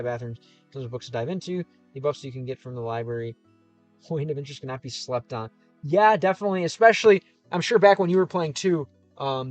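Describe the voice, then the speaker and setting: A male streamer talks loosely through viewer comments in a casual live chat. He rambles and stops to restart his sentences, with an easygoing manner. His voice sits in an ordinary middle register, and faint game music plays behind him. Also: mid-range voice. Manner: rambling, self-interrupting, easygoing. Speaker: YouTuber streamer. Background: faint game soundtrack music.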